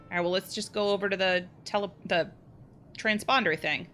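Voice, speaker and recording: A woman's voice: medium pitch, fairly even intonation, a little fast, sharp tone, faint music behind. A young woman playing a story game, reading the dialogue aloud and adding emotional, chatty asides. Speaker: let's play gamer.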